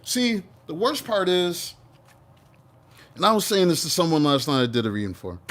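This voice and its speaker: A man giving a casual tarot reading, animated and profane, teasing the listener and slipping into playful voices. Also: on the high side, normal speed. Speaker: tarot reader.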